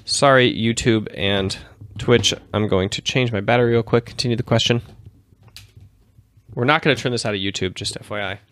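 A man's voice: medium pitch, normal speed, fairly bright tone. A man in his thirties hosting a livestream show, talking casually in a rambling, self-correcting way. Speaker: host.

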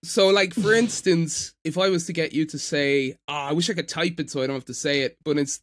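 A man in his thirties with an Irish accent, chatting casually on a podcast as a guest, self-mocking and quick to laugh. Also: a little high, dry recording. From Ireland. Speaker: podcast guest, voiceover freelancer.

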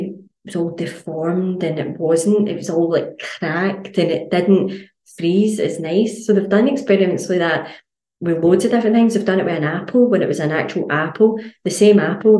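A Scottish woman with a fairly low voice talks in a casual podcast monologue. She is blunt, swears freely and tells her stories with lots of energy. The room gives her voice a roomy echo. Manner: blunt, sweary, animated storytelling. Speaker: health and fitness coach.

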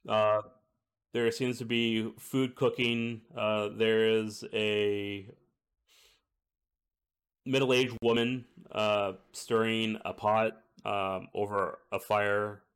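A man's voice: lowish voice, smooth. A man narrating a tabletop game as game master, in a casual way with frequent fillers.

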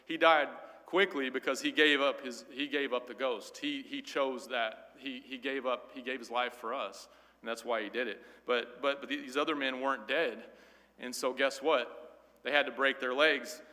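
A man's voice: mid-range voice, steady tone, normal speed, bright, forceful tone. A man teaching a Sunday school Bible class in an earnest, emphatic way, often repeating words as he goes. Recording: long hall reverb.

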